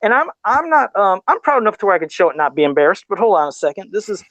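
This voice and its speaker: A man's voice: high-pitched, sing-song, very fast, fairly bright tone, dry recording. A middle-aged man in casual podcast chat, laid-back and self-deprecating, often laughing at himself while talking about toy customs.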